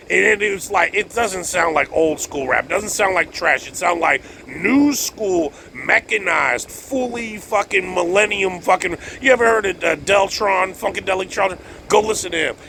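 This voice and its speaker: A man with a somewhat high, gravelly voice and a bright, forceful edge rambles through a profane, excitable monologue. He laughs often as he talks. A faint hum sits behind him. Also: low-quality recording.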